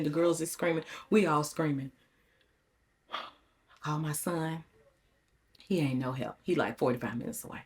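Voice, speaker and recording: A middle-aged woman, talking to viewers in a casual vlog, telling a story dramatically with repeated phrases while her voice trembles. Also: low-pitched. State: shaken, voice trembling. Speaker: lifestyle vlogger.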